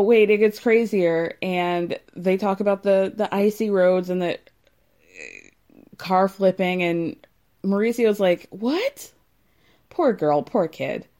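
A woman's voice: medium pitch, darkish tone. Chatty woman gossiping through a TV recap. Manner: chatty, gossipy, swears freely, frequent "like" fillers. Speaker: reality TV recap podcaster. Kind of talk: casual recap commentary.

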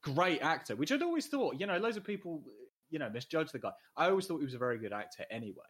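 A man's voice: on the high side, very animated, fast talker, a bit bright, husky. Blunt, sweary man talking films. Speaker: podcast co-host. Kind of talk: casual film discussion.

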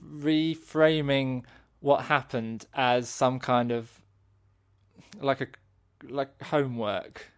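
Guy on a podcast thinking out loud, mid-pitched, lots of restarts. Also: fairly even intonation, slow pace, clean tone. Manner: thoughtful, searching for words, many restarts. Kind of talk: casual chat.

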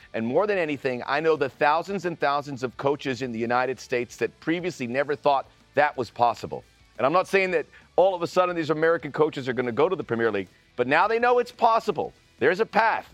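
A man co-hosting a studio sports podcast, talking with enthusiasm and a lively, swooping delivery. His voice sits a little high and sounds close and dry, with faint music underneath. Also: dry recording. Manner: enthusiastic, expressive storytelling. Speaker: co-host, broadcaster. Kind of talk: casual studio podcast chat.

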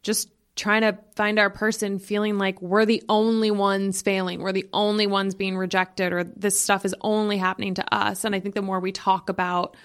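A woman's voice: medium pitch, flat delivery, normal speed, hardly any pauses, clear, resonant tone. Earnest woman podcast guest. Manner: earnest, emphatic explaining. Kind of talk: casual chat.

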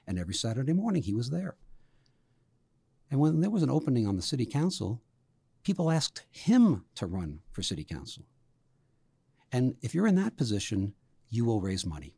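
A man being interviewed about campaigns, explaining with lively anecdotes and voicing the people in them. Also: medium pitch, a little fast, husky, dry recording. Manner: storytelling, animated anecdotes with voiced quotes. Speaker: interview guest, campaign trainer. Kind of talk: conversational interview.

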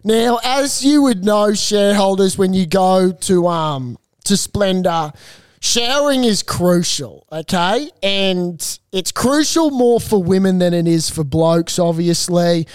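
A man's voice: high voice, takes it slowly, smooth, no room sound. A young Australian man co-hosting a podcast, telling crude rambling stories with plenty of swearing. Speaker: podcast co-host. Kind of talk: casual banter.

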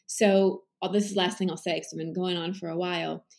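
A woman coach talks through her ideas on a podcast in a conversational interview. Her voice has a noticeable vocal fry, and she explains earnestly, with frequent fillers and restarts. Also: fairly low pitch, little pitch movement, fast talker, a little mellow. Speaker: life coach, podcast guest.

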